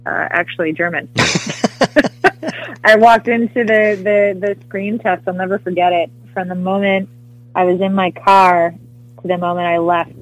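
A woman from the US Midwest, an actress telling a story as a guest in an interview, animated and laughing often, with many fillers. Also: fairly low pitch, normal speed, dry recording, dull audio.

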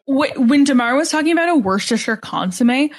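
A woman co-hosting a podcast, talking in a chatty, joking way. Her voice sits a little on the high side. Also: lively intonation. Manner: chatty, playful, quick to joke. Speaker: podcast co-host. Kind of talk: casual chat.

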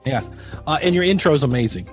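On a podcast, a middle-aged man chats casually, candid, rambling and self-deprecating, often acting out conversations he's had. His voice sits fairly high, he talks fast and expressively, and faint music plays behind him.

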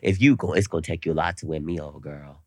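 A young man co-hosting a podcast, telling an animated story in casual chat and swearing freely. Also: extremely low pitch, quick pace, no echo. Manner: animated storytelling, frequent cursing. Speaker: podcast co-host.

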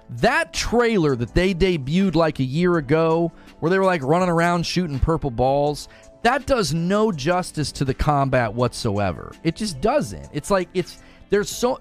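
A man streaming casually, reading his chat aloud and arguing his points, often repeating words as he rushes ahead. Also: on the high side. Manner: animated, argumentative, repeats words while rushing ahead.

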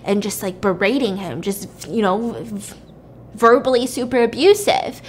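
A woman podcast host casually retelling a movie plot, chatty and animated with plenty of filler words. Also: mid-range voice, a little slow, a little hiss or hum.

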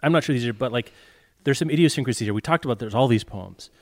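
A man's voice: medium pitch, fast talker, darkish tone, dry recording. A man co-hosting a casual book-discussion talk, wry and chatty, with many fillers and restarts. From not from the US South. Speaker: podcast co-host.

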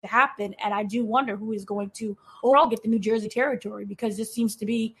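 A woman talking casually about a TV episode, animated and acting out the characters' lines as she goes. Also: fairly high pitch, fast, slightly rough. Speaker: podcast panelist.

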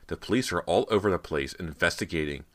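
A man's voice: low voice, fast talker, a bit bright. A man voicing a cold, sarcastic young actress in an audiobook.

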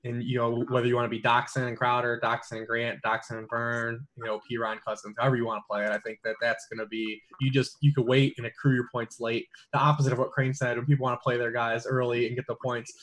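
A man's voice: mid-range voice, little pitch movement, quick pace, few pauses, fairly bright tone. A man talking through fantasy football picks in a casual podcast chat, with lots of fillers and restarts. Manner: rambling, many fillers and restarts.

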